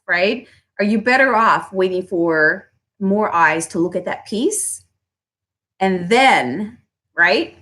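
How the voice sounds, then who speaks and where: A woman who owns a small business, giving a motivational talk on pricing, often asking "right?" and acting out customers. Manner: animated, acts out customers in high voices, asks "right?" often.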